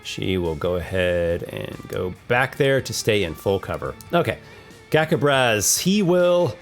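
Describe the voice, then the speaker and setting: A man's voice: deep voice, expressive, a little slow, gravelly, soft background music. Eager man narrating a tabletop monster battle. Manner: enthusiastic, thinks aloud over dice rolls. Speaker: host running a monster battle. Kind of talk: narrating a tabletop combat simulation.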